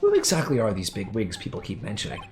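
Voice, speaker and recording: A man's voice: fairly low pitch, wildly swooping pitch, fast talker, faint music behind. A man voicing an earnest young male defense lawyer, asking questions plainly. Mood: questioning.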